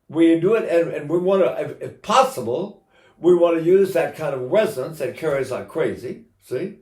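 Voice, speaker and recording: A man's voice: on the high side, darkish tone, roomy sound. An older man teaching singing in a casual, rambling way, breaking into sung vowels to demonstrate.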